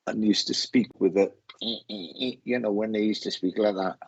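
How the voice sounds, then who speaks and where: Halting, husky low-voiced man. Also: fairly even intonation, no echo, dull audio. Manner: halting, repeats phrases, emotional. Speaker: psychic medium host. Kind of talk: live psychic reading.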